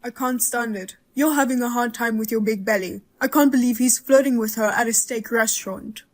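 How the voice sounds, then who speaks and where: A woman voicing a sharp-tongued outraged mother-in-law. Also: fairly high pitch, a little fast, natural voice. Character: blunt furious mother-in-law, older woman. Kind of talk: dramatized story voice-over.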